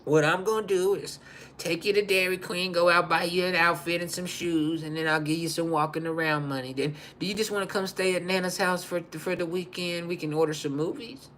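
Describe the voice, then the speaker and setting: Brief: man doing a doting older grandmother, soft and coaxing, a bit high. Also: steady tone, fairly quick, slight background noise.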